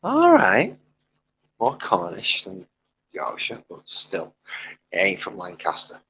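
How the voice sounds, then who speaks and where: A man's voice: deep voice, huge pitch swings, slow, pushed and bright, muffled recording, slight background noise. A man chatting casually on a live stream while he sets up his hobby gear, muttering to himself as he fiddles with things, on a wired headset. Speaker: streamer painting miniatures.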